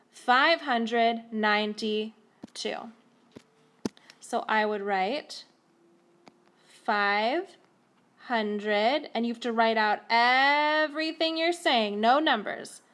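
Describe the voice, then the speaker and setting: A woman teacher explaining a math lesson to children slowly and carefully, recorded on a tablet. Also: a little high, bright, forceful tone.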